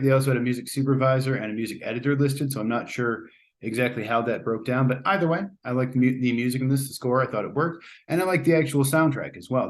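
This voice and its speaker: Fast-talking man rambling through a review. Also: medium pitch. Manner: chatty, rambling, often hedges and restarts. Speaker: host. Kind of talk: casual spoken movie review.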